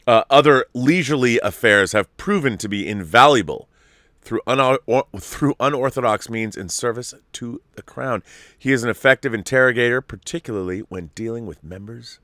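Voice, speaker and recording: A man hosting a casual live-stream chat, excitable and gushing, rambling with restarts. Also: mid-range voice, moderate pace, no echo, clean studio sound. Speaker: host.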